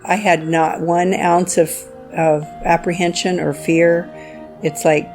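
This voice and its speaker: A woman's voice: low-pitched, flat delivery, unhurried, music in the background. A middle-aged woman recalling a family story in a firm, plainspoken, protective way. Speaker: mother of the storyteller. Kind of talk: personal storytelling.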